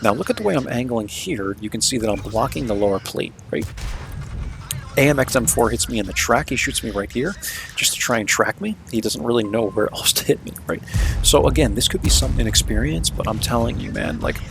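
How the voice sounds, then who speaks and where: A man's voice: mid-range voice, lively intonation, fairly quick, gravelly, fairly bright tone, soft background music. A man casually talking through replays of his own games as the video's host, laid-back and chatty, often checking in with "right?".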